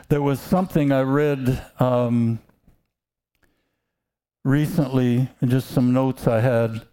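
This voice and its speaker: A man's voice: medium pitch, warm tone, smooth. A man preaching a sermon, telling stories and asking the congregation to answer back. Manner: slow, emphatic, calls out to congregation.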